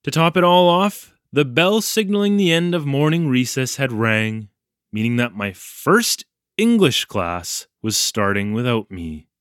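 A man's voice: medium pitch, sing-song, measured pace, a bit bright, clear, resonant tone, no room sound, studio quality. An actor playing a flustered young male English teacher in Japan, telling his ordeal in a wry, self-deprecating way. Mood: recounting. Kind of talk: audio drama storytelling narration.

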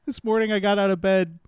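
A young man on a comedy podcast with a slightly high voice, recorded close and dry. He rambles through an awkward anecdote, self-deprecating and easily amused. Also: clear, resonant tone, dry recording. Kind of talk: casual comedic chat.

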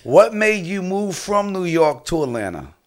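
A man hosting his own podcast, chatting casually and excitably, breaking off for loud shout-outs and quick reactions. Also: sits high. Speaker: podcast host. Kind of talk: casual interview chat.

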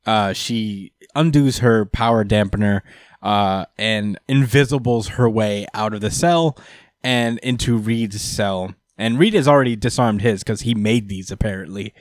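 A man's voice: on the low side, a little slow, no echo, clean studio sound. A man co-hosting a casual comic book podcast, recapping the story in a loose, rambling way. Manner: relaxed, rambling, acts out characters with put-on voices and laughs.

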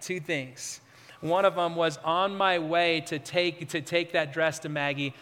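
High, bright-voiced pastor preaching in a hall. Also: male voice, steady tone, moderate pace, clean tone. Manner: earnest storytelling, swinging between loud emphasis and hushed. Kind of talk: Easter sermon. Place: large church hall with live band. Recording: reverberant hall with faint band music.

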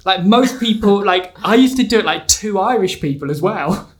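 Man, from the United Kingdom, high voice, rambling casual chat, lots of fillers. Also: animated, moderate pace, crowd noise.

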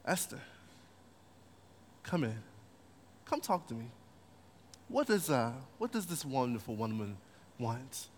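Man playing a casual slangy king, lively high voice, long hall reverb. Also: takes it slowly, long pauses, a little hiss or hum. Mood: fond. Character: easygoing, slangy male king.

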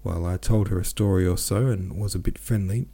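A man's voice: low-pitched, fairly even intonation, fairly quick, gravelly, dark tone, slightly rough, heavily acted. A man voicing an anxious, self-pitying middle-aged merchant who rambles in a plaintive, restless way, in an audiobook reading. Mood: pleading. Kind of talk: audiobook character voice.

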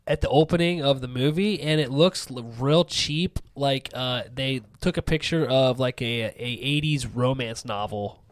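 A man's voice: medium pitch, measured pace, few pauses, dry recording. A man hosting a casual movie-review podcast, joking and crude, recorded close on a dry mic. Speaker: podcast host.

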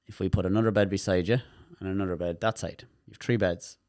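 Low-voiced Irish man explaining animatedly. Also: fast talker, no echo, clean studio sound. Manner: animated, demonstrative, repeats words while explaining. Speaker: therapist, guest. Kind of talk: casual interview chat.

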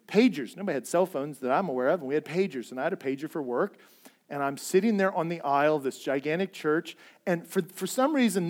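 A middle-aged man preaching a sermon in a conversational way, swinging from loud emphatic lines to hushed, near-whispered quotes. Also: on the high side. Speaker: pastor.

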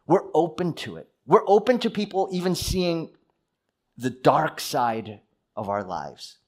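A man's voice: a little high, big pitch swings, unhurried, a little mellow. A man preaching a sermon, earnest, with personal stories and questions to the listeners. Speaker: pastor.

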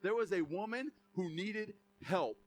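A man's voice: high-pitched, a little slow. A middle-aged man preaching a sermon in a conversational, joking way, full of asides and laughter. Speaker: pastor.

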